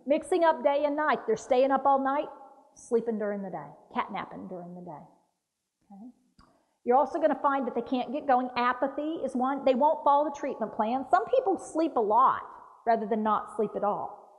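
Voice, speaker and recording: A woman dementia care trainer giving a lively talk, acting out patient voices. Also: high voice, normal speed. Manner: animated, acts out patient voices. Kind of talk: lively training talk with role-play demonstrations. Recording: dull roomy hall recording.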